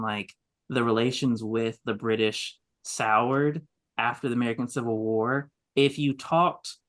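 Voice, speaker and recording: A man's voice: mid-range voice, fairly bright tone. A man co-hosting a podcast, explaining casually with many fillers and restarts. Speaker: podcast co-host. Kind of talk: casual chat.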